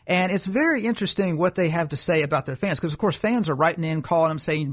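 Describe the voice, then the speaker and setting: A man co-hosting a political talk podcast, his voice pitched a little high. He lectures emphatically and drives each argument home. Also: a little fast. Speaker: podcast co-host. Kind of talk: political commentary chat.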